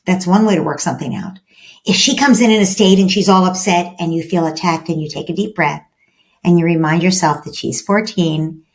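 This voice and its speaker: A woman guest on a parenting podcast, explaining calmly and acting out little dialogues as she goes. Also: lowish voice. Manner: calm, explanatory, acts out quoted dialogue. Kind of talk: podcast interview.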